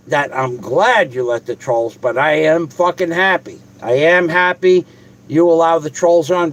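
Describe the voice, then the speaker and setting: A man in his own home vlog, rambling and profane as he talks straight to his audience. His voice sits a little high for a man, with a faint hiss of noise under it. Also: poor audio. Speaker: video host.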